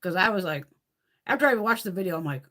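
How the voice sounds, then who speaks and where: Woman, lowish voice, lively swinging pitch, blunt, profane, gossipy rant, live makeup stream chat. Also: fast. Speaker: beauty livestream host. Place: home, in Connecticut.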